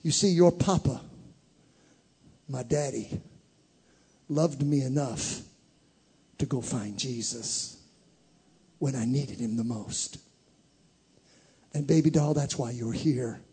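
A man preaching, voicing a gentle elderly grandmother who tells her grandchildren a story in a soft, tender way. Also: medium pitch, slow pace, long pauses, breathy edge, full character voice.

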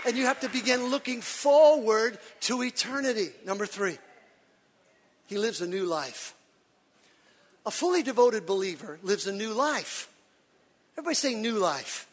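A man preaching a sermon as pastor, animated and lively, acting out quotes with shouts and laughter. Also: high voice, normal speed, pauses often, big-room sound, slight background noise.

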